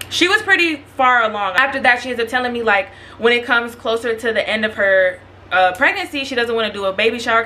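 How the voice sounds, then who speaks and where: A woman's voice: a little high, a little hiss or hum. A young woman vlogger telling a casual storytime to her viewers, chatty and slangy, talking straight to the audience. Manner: chatty, animated, slangy, addresses viewers directly.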